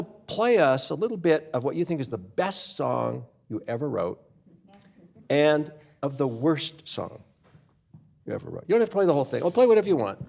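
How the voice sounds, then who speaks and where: A man's voice: fairly high pitch, creaky, darkish tone. A man hosting a live interview before an audience, inviting questions from the crowd. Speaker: host.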